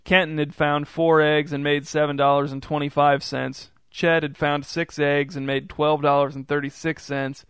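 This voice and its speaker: Man narrating with a creaky voice. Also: fairly high pitch, level tone, normal speed, hardly any pauses, fairly bright tone, no room sound. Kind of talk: reading a story aloud.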